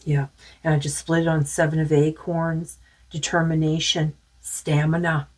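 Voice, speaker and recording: Husky woman musing through a card reading. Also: low voice, flat delivery, normal speed, a little mellow. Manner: rambling, musing, many fillers. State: losing her voice. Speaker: tarot card reader. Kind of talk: casual spiritual card reading.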